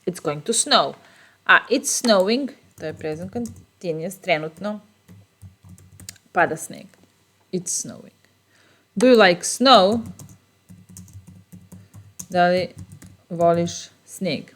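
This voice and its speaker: Woman teacher, Serbian accent, low voice, unhurried, repeats every phrase. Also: fairly bright tone. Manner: repeats each phrase slowly, explains patiently. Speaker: language teacher. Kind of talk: bilingual phrase lesson.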